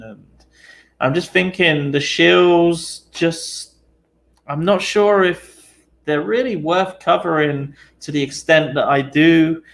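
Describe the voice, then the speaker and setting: A young man from the United Kingdom hosting a live stream, chatting casually with viewers, tired and relaxed, with lots of fillers. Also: fairly high pitch, gravelly. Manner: relaxed, chatty, many fillers, laughs easily.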